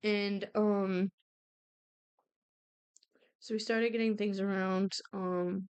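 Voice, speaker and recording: A young woman hosting a podcast, telling a personal story of losing her father in a halting, emotional way full of fillers and restarts. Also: mid-range voice, flat delivery, darkish tone, smooth, muffled recording. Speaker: podcast host. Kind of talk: personal storytelling about grief.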